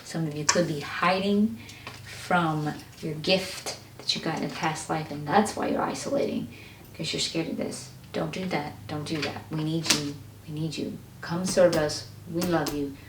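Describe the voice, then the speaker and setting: A woman's voice: low voice, fairly even intonation, moderate pace, vocal fry, recorded from a distance. A woman giving a pick-a-card tarot reading, speaking straight to her viewers in an earnest, encouraging way. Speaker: tarot reader. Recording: echoey room, mic set back, faint noise.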